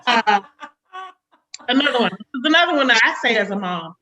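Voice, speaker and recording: A woman in her forties doing a chatty stand-up comedy set over a video call, slipping into sharp quotes of a stern mother. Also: fairly high pitch, expressive, a little fast, rough recording. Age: 40s.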